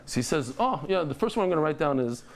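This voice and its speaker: A middle-aged man teaching a daily Talmud class, animated, telling stories with lively joking asides. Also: fairly high pitch, quick pace.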